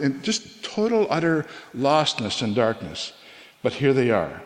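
A middle-aged man preaching a sermon as a pastor, earnest and conversational, with pauses and restarts. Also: mid-range voice, huge pitch swings. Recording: long reverb of a hall.

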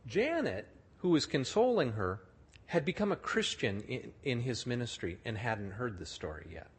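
A man's voice: mid-range voice, very animated, normal speed, husky. A middle-aged man telling a story in a sermon, acting out the people he describes. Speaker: speaker telling a story to an audience.

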